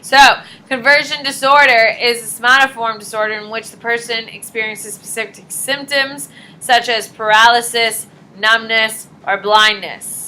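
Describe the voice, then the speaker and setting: A woman's voice: mid-range voice, slight background noise, poor audio. A woman teacher giving a casual, jokey classroom lecture in a classroom, acting out little dialogues as she explains. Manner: animated, jokey, acts out dialogue.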